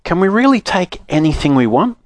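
A man reading a storybook aloud, voicing a practical, sometimes cross schoolboy in a brisk, sensible way. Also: sits high, big pitch swings, no echo, voice pushed up.

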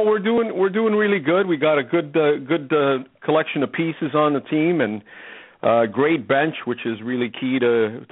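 A man from Canada calling in to a radio show as a guest author, eager but halting, with many fillers. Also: medium pitch, no room sound. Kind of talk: phone-in radio interview. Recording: tinny phone line.

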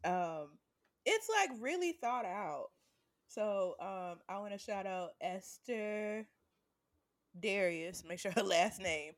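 A woman co-hosting a casual chat, telling an animated story full of cursing. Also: mid-range voice, takes it slowly. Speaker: podcast co-host.

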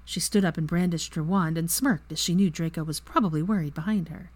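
A woman reading fan fiction aloud as narrator in a steady, even manner. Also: lowish voice, brisk, few pauses, dry recording. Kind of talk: story narration.

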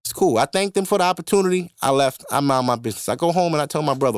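A young man hosting a podcast, telling a personal story in a casual, animated and profane way. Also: fairly high pitch, racing, hardly any pauses, dry recording, clean studio sound. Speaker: podcast host.

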